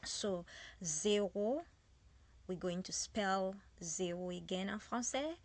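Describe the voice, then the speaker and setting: French-accented woman, native French speaker, language teacher; unhurried, patient drilling, mid-pitched. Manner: drills words slowly and repeats them for practice. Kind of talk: beginner language lesson.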